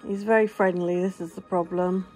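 A woman's voice: lowish voice, fairly even intonation, moderate pace, a little mellow, soft background music. A woman, vlogging while talking baby talk to her pets. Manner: cooing baby talk to animals. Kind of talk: casual chat with pets.

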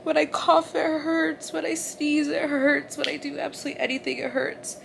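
Young woman, vlogger, crying and sore after surgery; rambling, high, gravelly voice; phone close up in a hospital room. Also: flat delivery, moderate pace, noisy background. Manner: tearful, rambling, says "like" often. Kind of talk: emotional personal vlog.

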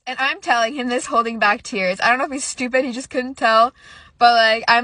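A woman's voice: fairly high pitch, steady tone, quick pace, pushed and bright, dry recording. A young woman casually telling a story, rambling with lots of "like" and nervous little laughs. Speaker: storyteller recounting a date.

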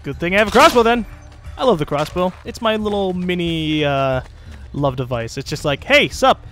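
A man's voice: on the high side, lively intonation, moderate pace, fairly bright tone, soft background music. A man giving casual commentary as he plays a video game, rambling, joking and swearing often. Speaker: let's play host.

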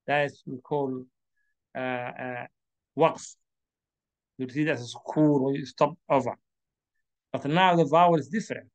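A man with a Somali accent teaching Quran reading, slowly spelling out letters and drawing out each syllable as he repeats it. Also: a little high. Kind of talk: slow classroom instruction.

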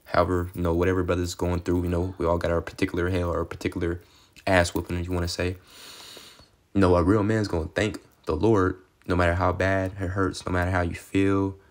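A man preaching a casual street-style sermon, reading scripture aloud and talking conversationally, often tagging lines with "okay" and "man" and swearing freely. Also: deep voice. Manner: excitable, sometimes rushes or drops to a murmur.

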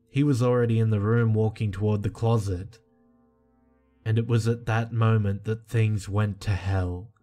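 A man reading a creepy first-person horror story in a slow, hushed and tense way. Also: on the low side. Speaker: narrator. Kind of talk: scripted horror narration. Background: soft music.

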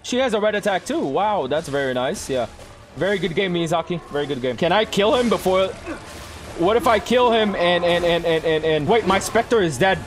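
Excitable young man yelling over gameplay. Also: high voice, moderate pace, slight background noise. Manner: excitable, swearing, yelling at the game. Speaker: gaming streamer. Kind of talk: live gameplay commentary.

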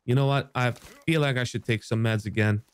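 A young man giving excitable let's play commentary on a survival game, swearing and shouting in surprise. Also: fairly quick, smooth. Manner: excitable, swears, jumps high when surprised. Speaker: gaming YouTuber.

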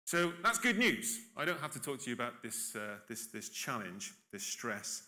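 A man's voice: medium pitch, animated, moderate pace, hardly any pauses, bright, forceful tone. A man giving a conference keynote in a chatty, self-deprecating way with dry irony. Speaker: keynote speaker. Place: conference hall stage.

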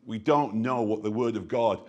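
A man's voice: fairly low pitch, normal speed, lo-fi sound. A man preaching a sermon as pastor, emphatic and dropping frequent "yeah" asides between phrases.

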